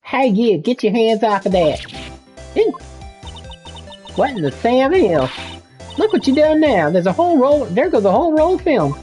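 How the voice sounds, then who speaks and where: A woman voicing a loud, nosy Southern woman photographer with an exaggerated put-on Southern drawl, folksy and bossy. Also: on the high side, big pitch swings, moderate pace, pauses often, soft background music, voice pushed up. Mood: scolding.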